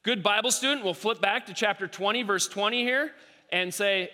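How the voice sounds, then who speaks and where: A man preaching a sermon, animated and repeating himself as he acts out quoted voices. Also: sits high, moderate pace. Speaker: pastor. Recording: long hall reverb.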